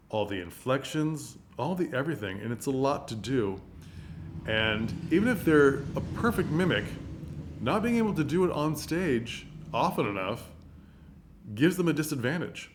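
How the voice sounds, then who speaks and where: Expressive man explaining theatre tips. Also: medium pitch. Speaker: presenter giving advice to theatres. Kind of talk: casual explanatory talk to camera.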